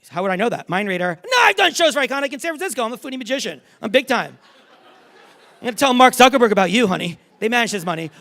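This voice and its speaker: A man's voice: extremely high pitch, fairly bright tone. A middle-aged man performing live stage magic in a theater, bantering with the crowd in a brash, joking, swearing way. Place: large theater stage before a live audience.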